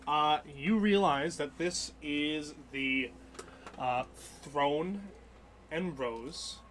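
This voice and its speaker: A man narrating as game master of a tabletop role-playing game, a lively storyteller who laughs often. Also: fairly high pitch, a little hiss or hum.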